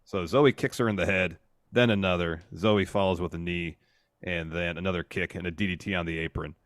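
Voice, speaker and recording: A man co-hosting a podcast who walks through a wrestling match step by step in a relaxed way, with many fillers. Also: low-pitched, brisk, dry recording, clean studio sound. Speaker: podcast co-host. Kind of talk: casual play-by-play recap.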